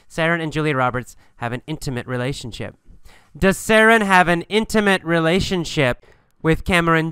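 A man teaching English through a story, speaking slowly and emphatically and asking and answering his own questions. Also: a little high, pushed and bright, clean tone, no echo. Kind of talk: storytelling language lesson.

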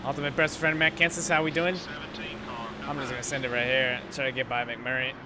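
A young man giving casual, rambling gameplay commentary, sarcastic and quick to swear when frustrated. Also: medium pitch, little pitch movement. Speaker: gaming YouTuber. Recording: loud engine noise behind voice. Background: game engine noise.

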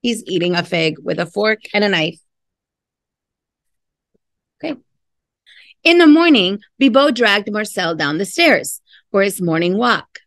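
A woman's voice: mid-range voice, no room sound, clean studio sound. A woman teacher reading a picture book aloud to children, stopping to explain words and wonder about the story. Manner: slow and expressive, pausing to explain and wonder aloud. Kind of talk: children's read-aloud with commentary.

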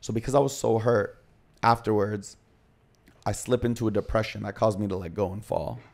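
A man sits in as a podcast guest and tells his own story in clipped, confessional bursts. His voice sits low, with little rise and fall in pitch. His tone is dark and mellow. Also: fairly even intonation, moderate pace, gravelly. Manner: confessional, retelling events in short present-tense bursts.

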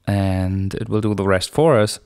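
A man hosting a screencast software tutorial, explaining each step in a relaxed, unscripted way with small fillers. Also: fairly low pitch, moderate pace, smooth, no echo, studio quality.

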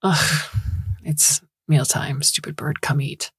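A woman's voice: low-pitched, expressive, moderate pace, breathy edge, no room sound, clean studio sound, exaggerated voice. A woman narrator voicing a proud young male meteorologist who talks in a flippant, mocking way. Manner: flippant, mocking toward the bird.

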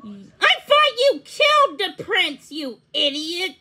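A woman reading aloud and voicing a boastful male toad in a storybook, shouting in a high, strained voice. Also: very animated, slow, full character voice.

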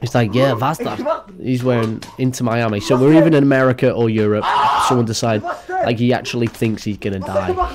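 A man's voice: medium pitch, a little fast, a crowd in the background. A man doing a crude, sarcastic comedic reaction commentary as a YouTuber.

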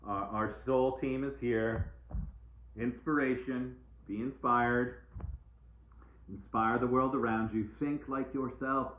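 A man's voice: medium pitch, steady tone, takes it slowly, a little hiss or hum. Man reading oracle cards over a tinny line. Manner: playful, motivational, repeats phrases like mantras. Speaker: oracle card reader. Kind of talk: casual live-stream card reading. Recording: echoey room, tinny phone-like sound.

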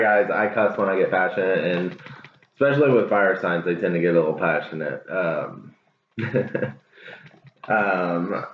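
Low, slow man reading tarot, phone-like sound. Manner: laughing, cussing, chatty and animated. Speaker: tarot reader. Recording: lo-fi, phone-like, echoey, faint hiss.

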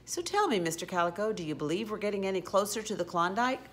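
A woman voicing a suave, scheming male cat admiral with a purring voice and a smooth, condescending manner. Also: expressive, quick pace, close to an everyday voice. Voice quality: deep and purring.

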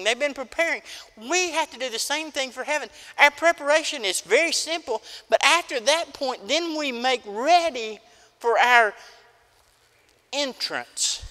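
A man's voice: extremely high pitch, pushed and bright. A middle-aged man preaching a sermon as pastor, folksy and emphatic, telling stories. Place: church sanctuary. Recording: church hall reverb.

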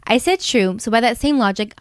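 Fast-reading woman, a touch high. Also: smooth. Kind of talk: reading stories aloud.

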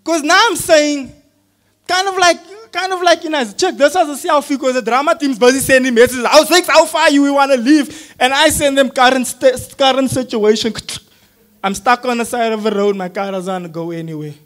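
A preacher whose voice sits very high for a man. He tells his sermon story in loose, slangy talk. He swings from hushed lines to shouted ones. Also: fairly quick. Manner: casual slangy address.

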